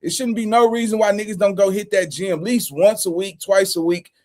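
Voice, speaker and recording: A man's voice: sits high, fairly even intonation, fairly quick, darkish tone. A man in his forties hosting a casual reaction commentary, profane and laughing often. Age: 40s. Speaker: commentary channel host.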